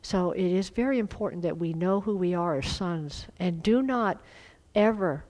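A middle-aged woman preaching a sermon, fervent and emphatic, swelling into loud exhortation. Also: lowish voice, moderate pace, low-quality recording.

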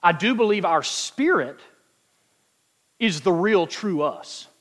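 A man preaching a sermon, emphatic and quoting scripture, stretching key words out slowly for weight. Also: high voice, expressive, fairly bright tone. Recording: long hall reverb.

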